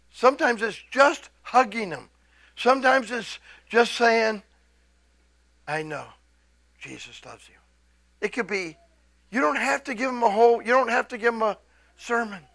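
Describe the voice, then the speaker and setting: A middle-aged man preaching a sermon, excitable, swinging from hushed asides to loud, drawn-out scripture readings. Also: extremely high pitch, no echo.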